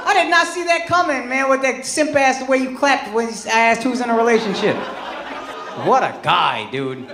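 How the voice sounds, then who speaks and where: A man's voice: extremely high pitch, slight background noise. A man in his thirties doing stand-up crowd work, brash and profane, swinging into mock outrage. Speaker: stand-up comedian. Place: comedy club stage with live audience. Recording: echoey club with loud crowd laughter.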